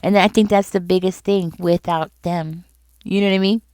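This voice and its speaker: A woman's voice: fairly low pitch, fairly even intonation, normal speed, a little mellow, no echo. A woman giving a casual tarot reading straight to her viewers, talking in a loose, repetitive way and often checking in with them. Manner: conversational, repeats herself, speaks directly to viewers. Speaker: tarot reader.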